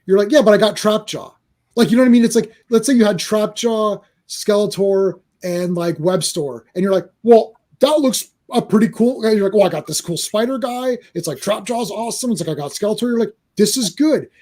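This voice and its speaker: A man's voice: high-pitched, brisk, dark tone. A man ranting in casual movie chat, acting out quoted reactions. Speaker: podcast co-host.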